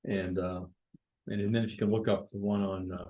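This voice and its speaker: A man's voice: fairly low pitch, level tone, fairly quick, dark tone, poor audio. A man leading a Bible study in a church, teaching conversationally and asking the group questions. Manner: informal, with fillers and restarts, asks the group questions.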